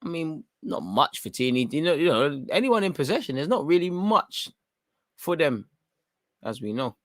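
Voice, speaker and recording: Young man hosting a fan watchalong, bright tense voice, urgent match reactions, dry close sound. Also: fairly high pitch, moderate pace, no room sound. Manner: excitable, urgent, coaching the players. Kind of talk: live match reaction commentary.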